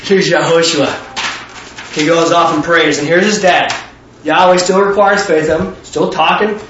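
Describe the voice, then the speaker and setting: Animated high-voiced man preaching. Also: measured pace. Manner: animated, rhetorical questions, bursts of shouting. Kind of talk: sermon. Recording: echoey hall, distant dull mic, faint noise.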